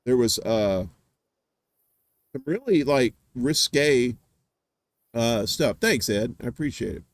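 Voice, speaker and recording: A man's voice: mid-range voice, animated, no room sound. Rambling man hosting a live chat. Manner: rambling, storytelling with frequent filler words; does quick voice impressions of others. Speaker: host. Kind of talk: casual live-stream chat.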